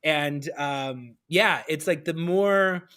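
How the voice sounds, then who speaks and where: A man hosting a casual live-stream conversation, telling stories with a lively comic delivery. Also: fairly high pitch, slow pace. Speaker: host.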